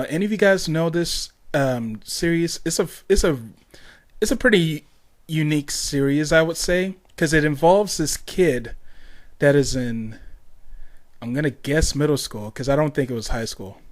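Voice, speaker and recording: A man's voice: fairly high pitch, unhurried, pauses often. A young man hosting a casual solo podcast, rambling along with lots of ums, restarts and tangents. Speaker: podcast host.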